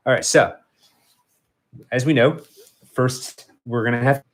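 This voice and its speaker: A man's voice: mid-range voice, a little slow. Rambling man chatting on a livestream. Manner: rambling, talks to his cat and to chat viewers, many restarts. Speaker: livestream host. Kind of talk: casual livestream chat.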